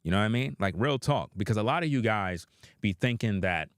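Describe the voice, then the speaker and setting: A man's voice: on the low side, lively intonation, moderate pace, dry recording, studio quality. A man giving opinionated reaction commentary, blunt and profane, addressing his viewers directly.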